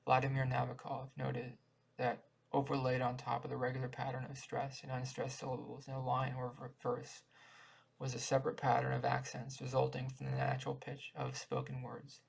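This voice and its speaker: A man reading a lesson text aloud, halting at times and restarting words. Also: medium pitch, completely flat delivery, creaky, breathy edge, poor audio. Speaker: channel host explaining poetry.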